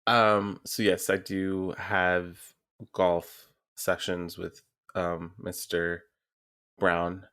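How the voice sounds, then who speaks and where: A man guest on a podcast, joking in an unhurried, deadpan way. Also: low voice, smooth. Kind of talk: casual chat.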